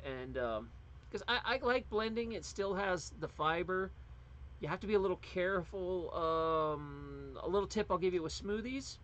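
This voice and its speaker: A middle-aged man with a fairly high voice talks casually to his livestream viewers. He rambles from one thought to the next with frequent ums and false starts. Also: expressive, moderate pace, fairly bright tone, lo-fi sound. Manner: rambling, chatty, with many fillers and restarts. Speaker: livestream host.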